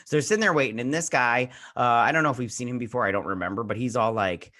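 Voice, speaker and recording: A man's voice: mid-range voice, fast talker, sharp tone. A man hosting a review show, recapping an episode in a loose, rambling way full of fillers and paraphrased quotes.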